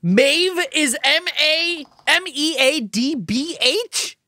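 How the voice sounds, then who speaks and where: A young man co-hosting a podcast in casual chat, goofy and excitable, laughing a lot. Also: very high-pitched, slow. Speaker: podcast co-host.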